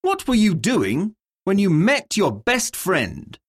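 A woman narrating an English lesson, reading words and sentences slowly and deliberately. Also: mid-range voice, wildly swooping pitch, breathy edge. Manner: slow, deliberate word drilling. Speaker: course narrator. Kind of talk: scripted narration.

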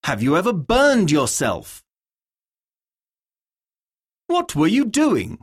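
A woman narrating an English lesson, reading words and sentences slowly and deliberately. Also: fairly low pitch, wildly swooping pitch, slightly rough. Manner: slow, deliberate word drilling. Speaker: course narrator. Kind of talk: scripted narration.

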